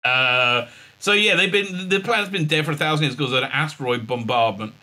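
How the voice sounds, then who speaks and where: A man hosting a sarcastic episode recap, mocking and exasperated, full of halting fillers. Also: fairly high pitch, bright, forceful tone. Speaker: show host reviewing a TV episode.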